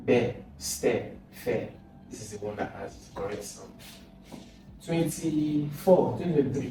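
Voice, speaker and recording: A man, coaching students through exam questions and asking and answering his own questions. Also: mid-range voice. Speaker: exam prep tutor. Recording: echoey room, distant mic, noisy.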